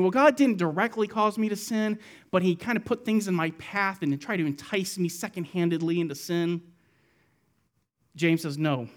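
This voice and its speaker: Male preacher, higher voice, expository sermon delivery with emphatic rises.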